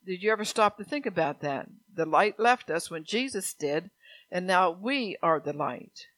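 A man with a notably high voice delivers a sermon in an easy, conversational way. He repeats key lines and keeps checking in with the congregation. At times he swells into loud, emphatic exhortation. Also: lively intonation, moderate pace, no echo. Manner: conversational preaching, repeats lines, frequent "all right?"; grows louder and more emphatic when exhorting. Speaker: pastor.

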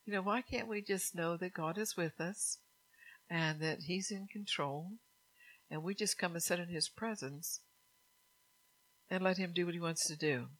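A woman's voice: on the low side, measured pace, long pauses, fairly bright tone, low-quality recording. A woman preaching a sermon to her congregation, earnest and repetitive, with frequent laughs.

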